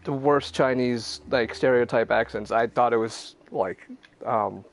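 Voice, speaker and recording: Rambling male game streamer. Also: medium pitch. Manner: rambling, halting, many restarts. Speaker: streamer hosting a party game. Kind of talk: casual chat over a game stream.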